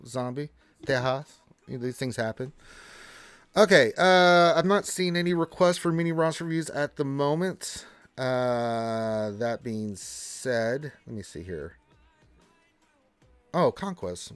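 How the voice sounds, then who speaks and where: A man hosting a casual gaming livestream from home on a close desk mic, chatty and excitable, talking to himself as he plays. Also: mid-range voice, slow, clean tone, no echo, soft background music. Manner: excitable, chatty, talks to himself while playing. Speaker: livestream host.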